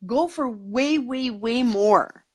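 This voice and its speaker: A talkative woman guest with a fairly high voice, chatting in a loose, eager way. She fills her sentences with "like" and "you know" as she explains her ideas to an interviewer. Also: expressive, slow, slightly rough. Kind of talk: casual conversational interview.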